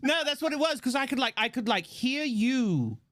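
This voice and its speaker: A man streaming live, chatting excitably, swearing and rambling with restarts into a desk microphone. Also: very high voice, normal speed, background noise. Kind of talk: casual live-stream chat.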